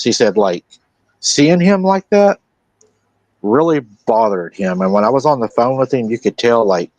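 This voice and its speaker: A man's voice: on the low side, no echo, poor audio. Man hosting a live stream, dry sound. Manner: relaxed retelling of a witness's account, with quoted lines. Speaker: host.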